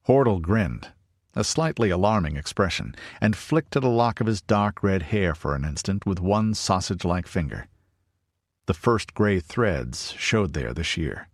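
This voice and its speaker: A man narrating an audiobook in a steady, even reading. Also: lowish voice, normal speed, no echo, clean studio sound. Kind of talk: scripted narration.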